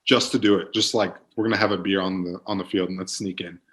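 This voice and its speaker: A man's voice: sits low, fairly even intonation, quick pace, fairly bright tone. A young man in his twenties, a football player guest on a podcast, telling stories in a laid-back way with lots of fillers. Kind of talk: casual podcast chat.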